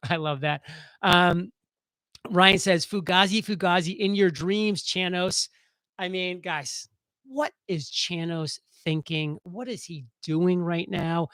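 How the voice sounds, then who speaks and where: A man hosting a casual live stream, talking fast and excitedly as he reads viewer comments aloud. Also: high-pitched, smooth, no echo, rough recording.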